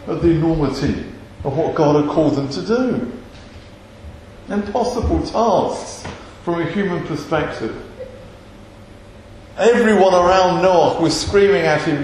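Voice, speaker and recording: Emphatic man preaching, higher voice, very echoey church hall, faint background noise. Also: big pitch swings, normal speed, a little mellow. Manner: earnest, emphatic, repetitive. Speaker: pastor. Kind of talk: sermon.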